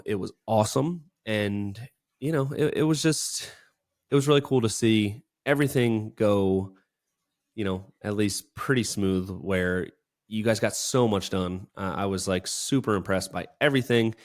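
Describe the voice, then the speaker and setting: A man's voice: fairly low pitch, unhurried. A man co-hosting a casual business podcast, talking in an enthusiastic, praising, rambling way. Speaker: podcast co-host. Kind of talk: casual chat.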